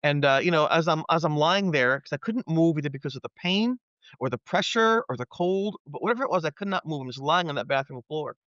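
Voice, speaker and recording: A man's voice: a little high, lively intonation, fast, a bit bright, no room sound. Man in his 50s telling an intense story, earnest, acts out his own thoughts, dry dull lo-fi audio. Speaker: podcast guest. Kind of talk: personal storytelling in conversation.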